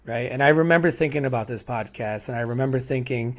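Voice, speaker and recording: A middle-aged man hosts a heartfelt podcast chat. He rambles through long stories and tags nearly every thought with "right?". His voice sits at an ordinary pitch. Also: fast, hardly any pauses. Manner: rambling, repeats "right?" often. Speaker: podcast host. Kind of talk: casual heartfelt conversation.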